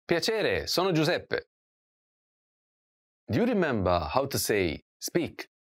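A woman giving a scripted language lesson, asking slow drill prompts and repeating each word clearly. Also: extremely low pitch, wildly swooping pitch. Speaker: language teacher.

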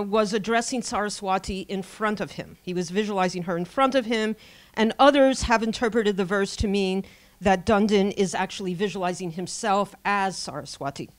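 A woman with a mid-range voice gives an academic conference lecture in a measured, scholarly way, pausing often and correcting herself.

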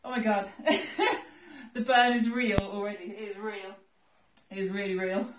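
A woman's voice: mid-range voice, level tone, moderate pace, slight background noise. A woman vlogging her workout, out of breath, laughing nervously as she counts her reps. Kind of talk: casual workout vlog. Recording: roomy echo, voice a little far from the mic.

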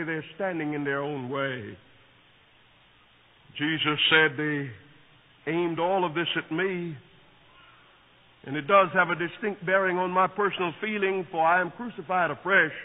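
A man preaching a sermon, swinging from hushed, quiet passages to shouted peaks. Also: high-pitched. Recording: tinny lo-fi recording in an echoing hall.

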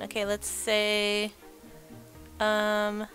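A woman's voice: medium pitch, unhurried, gravelly, fairly bright tone, faint music behind. A young woman giving casual, rambling let's-play commentary while she builds, chatting and laughing at herself. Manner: chatty, rambling, self-deprecating, laughs often.

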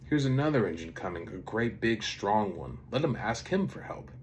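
A cheerful little male toy clown from a storybook calls out hopeful encouragement, put on by a man reading aloud. The voice stays low and close to an ordinary speaking voice. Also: lively intonation, normal speed, slight background noise, lightly acted. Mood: eager. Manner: eager, encouraging.

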